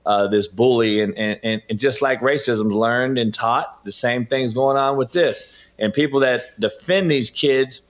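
Recorded in dull lo-fi sound, a middle-aged football coach and podcaster talks at a measured pace and medium pitch. As an interview guest he's impassioned and emphatic, frequently calling the host by name.

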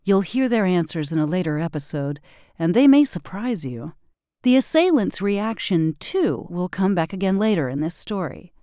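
A woman hosting a podcast, reading scripted narration with an expressive delivery. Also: on the low side, normal speed, clean tone, no echo, studio quality. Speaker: podcast host.

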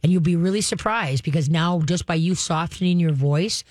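A woman's voice: moderate pace, no room sound. Woman dog trainer giving radio advice. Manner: instructive, acts out calm commands to the dog in a soft low voice.

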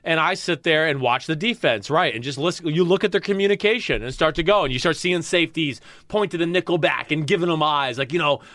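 A man co-hosting a football talk show, explaining game film at length in casual chat and briefly acting out what players shouted. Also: fairly high pitch, fast, hardly any pauses, no room sound. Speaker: football analyst, co-host.

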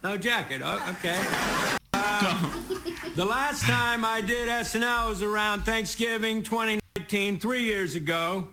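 A man's voice: sits high, measured pace, loud music behind the voice. A man from Texas giving a rambling, self-mocking stand-up monologue as a TV guest host on stage, chuckling through his punchlines. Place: TV studio stage with a live audience. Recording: noisy broadcast clip with audience laughter.

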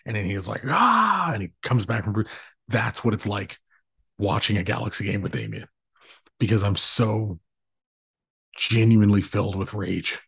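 A man in his thirties co-hosting a podcast, rambling through animated stories with plenty of swearing. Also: fairly low pitch, normal speed, creaky, pauses often, slightly rough, no echo. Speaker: podcast co-host. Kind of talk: casual chat.

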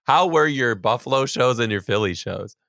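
A man's voice: mid-range voice, expressive, normal speed, creaky, a bit bright, no echo, clean studio sound. A man hosting a casual podcast chat, loose and jokey, swearing freely as he tells stories.

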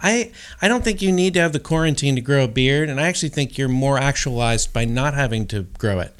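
A man's voice: mid-range voice, lively intonation, a little fast, clean tone. A man co-hosting a comedy podcast, reading listener questions aloud and answering with wry jokes. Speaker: podcast co-host.

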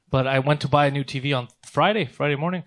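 Man, high voice, fast talker, animated profane storytelling. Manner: animated, profane, acts out angry exchanges. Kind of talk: casual storytelling chat.

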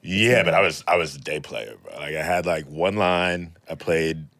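Man with a very deep bass voice. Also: normal speed, fairly bright tone, no echo. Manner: laid-back slangy talk. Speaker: podcast co-host, actor. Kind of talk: casual podcast chat.

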